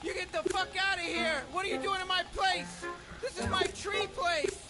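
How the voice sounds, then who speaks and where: A man's voice: extremely high pitch, unhurried. A man voicing a furious, territorial tree-dwelling man in a comedy video game, screaming and swearing possessively over his things. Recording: game audio under loud soundtrack music.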